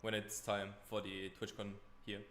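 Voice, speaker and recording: A man's voice: lowish voice, monotone. Hesitant man on a roomy call. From Germany. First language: German. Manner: hesitant, halting, with repeated restarts. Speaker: guest on voice call. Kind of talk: casual chat. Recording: roomy, noisy voice-call audio.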